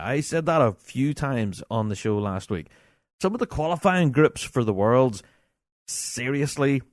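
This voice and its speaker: A middle-aged man, hosting a podcast in a chatty, animated way, reading listener emails aloud and laughing often. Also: mid-range voice, no echo, studio quality. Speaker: podcast host.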